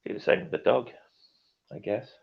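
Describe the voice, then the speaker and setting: A man's voice: normal speed, phone-quality sound. A middle-aged man co-hosting a livestream, chatting casually, laughing often and reading chat comments aloud. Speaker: livestream co-host.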